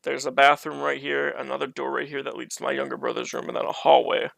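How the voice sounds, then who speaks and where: Gravelly, flat-voiced man telling a story. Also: medium pitch, fast talker, no room sound. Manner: rambling, conversational retelling with restarts. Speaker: streamer. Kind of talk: casual storytelling on a live stream. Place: his bedroom at home.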